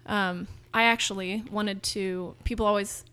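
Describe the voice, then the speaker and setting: A woman's voice: medium pitch, steady tone, unhurried, sharp tone, smooth. A woman in her thirties from Northern California, a food business founder talking enthusiastically in a casual interview, with frequent restarts.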